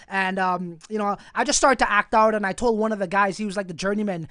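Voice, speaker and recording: A young man from Canada hosting a crypto livestream, telling a story in a profane, animated way and talking straight to his viewers. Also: high voice, fairly quick, dry recording, studio quality. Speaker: crypto channel host.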